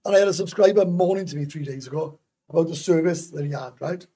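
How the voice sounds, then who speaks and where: A man's voice: fairly high pitch, fast talker, mellow. A middle-aged Welsh man hosting a casual livestream, rambling bluntly, swearing and answering viewers' comments. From Wales. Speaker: livestream host. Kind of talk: casual live-stream rant.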